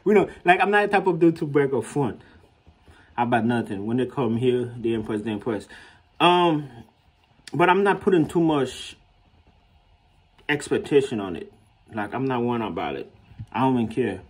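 Husky guy vlogging, casual and slangy, laughs a lot, does high voices for quotes. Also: moderate pace, long pauses. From Haiti. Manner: animated, laughs often, slangy, acts out quotes with raised pitch. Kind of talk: casual storytelling to camera.

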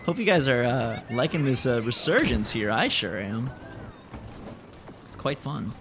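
A young man giving excitable let's-play commentary as a gaming channel host, exclaiming and repeating himself. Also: mid-range voice, measured pace, pauses often. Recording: noticeable background noise.

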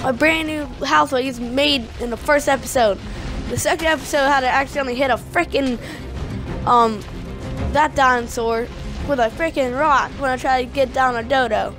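A high-pitched woman talks through her gameplay in an excitable, casual way. She keeps retelling the action by quoting her own reactions, and music plays clearly behind her. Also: moderate pace. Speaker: gaming video creator.

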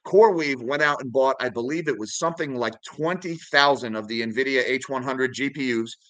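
A man's voice: medium pitch, a little fast, fairly bright tone, no echo, poor audio. A man hosting a finance video, casually talking viewers through charts and news articles and calling them guys. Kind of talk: casual market commentary.

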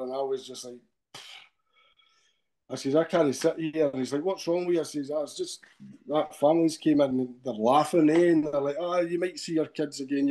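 A man's voice: on the high side, mellow. A middle-aged Scottish man with a Scottish accent, a podcast guest telling a long story in a rambling way, dropping "eh?" at the end of his sentences. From Scotland. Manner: rambling retelling with frequent tag questions.

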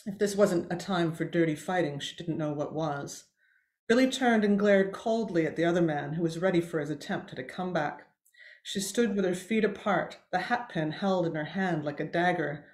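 A woman author with a fairly low voice reads a tense scene from her own novel aloud, sounding measured and expressive with the occasional small slip. The recording has a roomy sound.

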